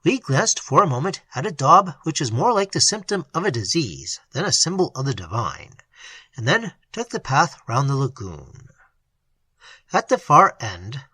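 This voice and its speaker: An audiobook narrator giving an expressive, dramatic reading of a classic story. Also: mid-range voice, breathy edge, dry recording.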